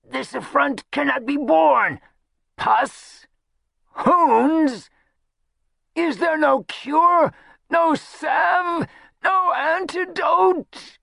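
A shrill, pop-eyed rogue squeals far above a normal man's voice. He whines and blusters with pompous outrage. The recording is close and dry, with no room sound. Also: sing-song, slow pace, gravelly, sharp tone, slightly rough, no echo, exaggerated voice. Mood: horrified shrieking. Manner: shrieking, whining, pompous.

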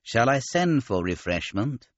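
A man voicing a modest male alien admiral with a nasal voice, gentle and courteous. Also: mid-range voice, sing-song, unhurried, no room sound, lo-fi sound.

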